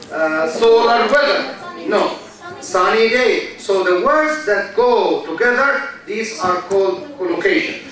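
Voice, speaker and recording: A man's voice: sits high, a bit bright. Man lecturing in an echoey hall. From Egypt. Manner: repeats key words, checks in with "okay?". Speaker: university lecturer. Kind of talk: classroom lecture. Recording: echoey hall, mic far off.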